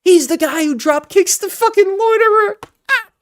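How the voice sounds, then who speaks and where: A man's voice: very high-pitched, animated, normal speed, no room sound, clean studio sound. A man in his twenties with a heated, profane, exasperated way of talking as he hosts a reaction video. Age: 20s. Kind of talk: ranting reaction commentary.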